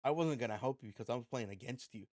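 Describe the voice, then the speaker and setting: A young man co-hosting a podcast, telling an animated, profane story in casual chat. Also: mid-range voice, fast, no echo, clean studio sound. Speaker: podcast co-host.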